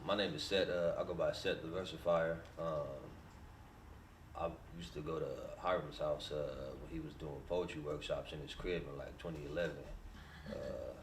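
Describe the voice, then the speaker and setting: A man at an open mic performing a rhythmic rhyming spoken word tribute, then speaking softly and hesitantly. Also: rumbling low, steady tone, normal speed, far from the mic. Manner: rhythmic rhyming delivery, soft hesitant when chatting. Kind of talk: spoken word poetry then casual remarks. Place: open mic at a poetry library. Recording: echoey room, heard from afar, faint noise.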